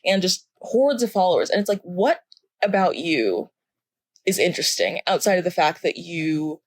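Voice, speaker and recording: A young Southern American woman co-hosts a podcast, ranting casually with animated sarcasm and swearing freely. Her mid-range voice comes through a podcast mic with no echo.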